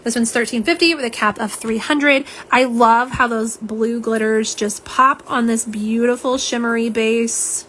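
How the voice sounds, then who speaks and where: Chatty woman, livestream polish host, slightly high voice, faint home hum. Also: steady tone, measured pace, few pauses, fairly bright tone. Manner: chatty, rambling, reads viewer comments aloud. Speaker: nail polish swatcher. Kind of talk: live unboxing chat.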